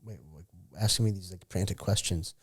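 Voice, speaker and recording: A man's voice: low voice, fairly even intonation, brisk, breathy edge. A middle-aged man, a former fighter and podcast guest, telling stories in casual chat, swearing freely and laughing often. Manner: profane, storytelling, laughs often.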